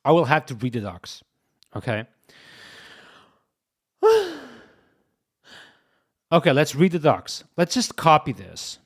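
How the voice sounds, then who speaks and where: A young man with a mid-range, expressive voice live-streams while coding, speaking at normal speed. He thinks aloud, repeats himself, and chats directly with his viewers in casual commentary.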